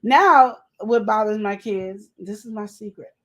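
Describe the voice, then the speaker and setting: A woman's voice: medium pitch, measured pace, a bit bright. A middle-aged woman co-hosting a podcast, talking casually and animatedly, telling stories from home in a colloquial way. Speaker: podcast co-host. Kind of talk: casual advice chat.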